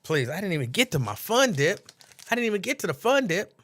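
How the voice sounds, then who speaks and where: Animated man hosting a livestream. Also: high voice, brisk. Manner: animated, laughing, repeats lines, mimics others. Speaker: host. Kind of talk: casual late-night livestream commentary.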